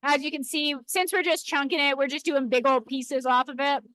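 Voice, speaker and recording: A woman's voice: high-pitched, fairly even intonation, a little fast, pushed and bright, no room sound, rough recording. A woman filming with a handheld camera in an indoor workshop, chatting playfully and correcting herself as she shows off cut stones by a rock saw. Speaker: lapidary shop co-host filming. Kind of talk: casual chat while demonstrating.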